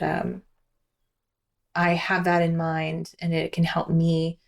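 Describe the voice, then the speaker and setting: A woman's voice: lowish voice, gravelly. A young woman, a podcast guest, chatting casually and telling her story with animation, acting out her own past lines. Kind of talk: casual chat.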